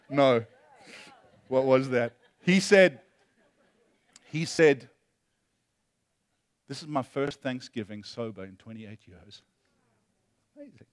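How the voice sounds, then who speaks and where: A male pastor preaching a sermon, impassioned, moving between loud emphasis and hushed storytelling. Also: medium pitch, dry recording.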